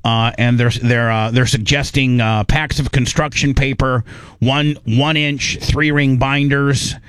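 A man's voice: mid-range voice, flat delivery, a little slow, fairly bright tone, clean tone, no echo. Rambling male radio host. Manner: rambling, loose, with many fillers. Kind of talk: casual radio banter.

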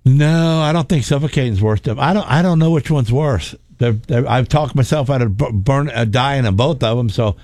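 A man's voice: mid-range voice, moderate pace, few pauses, a little mellow, no room sound, clean studio sound. A man telling a racing story in casual chat, rambling, repeating words and laughing. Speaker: race car driver telling stories.

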